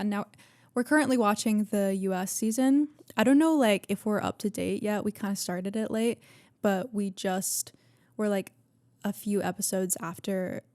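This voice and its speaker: A woman's voice: mid-range voice, dark tone, no room sound. Young woman, podcast host, casual chat, gushing, filler-heavy, close dry sound. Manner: chatty and gushing, full of fillers and swearing.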